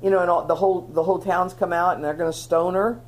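A woman's voice: lowish voice, fairly even intonation, quick pace, a little mellow. A woman teaching a Bible lesson in an earnest, conversational sermon style, often restarting her phrases.

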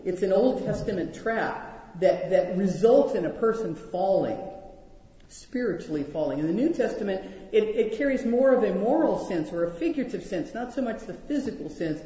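Animated Bible teacher in an echoey hall. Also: medium pitch, moderate pace. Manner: animated, acts out quoted lines, frequent restarts. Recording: dull sound in an echoey hall with long reverb.

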